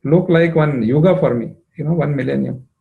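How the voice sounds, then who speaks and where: A man's voice: fairly high pitch, brisk, creaky, phone-quality sound, pitched above the performer's own voice. A man voicing a grieving young goddess who pleads with her long-absent beloved, her voice choking with longing. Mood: pleading, anguished.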